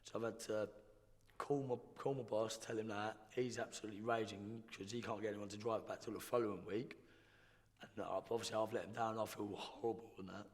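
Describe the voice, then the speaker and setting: A young man, telling his life story in a blunt, slangy, halting way as a podcast guest. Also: lowish voice, fairly even intonation. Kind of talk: casual storytelling. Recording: roomy hall reverb.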